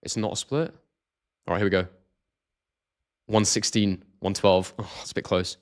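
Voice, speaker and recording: At normal speed and with a lowish pitch, an excitable man hosts a boxing live stream. He's chatty and relaxed, talking directly to viewers while reading out their names and chat messages.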